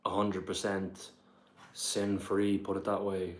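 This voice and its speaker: A man's voice: low-pitched, monotone, slow. A man with a Dublin Irish accent rambling casually on a livestream from his apartment, full of "like" and "bro". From Ireland. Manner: rambling, says "like" and "bro" often. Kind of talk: casual livestream chat, reading comments aloud.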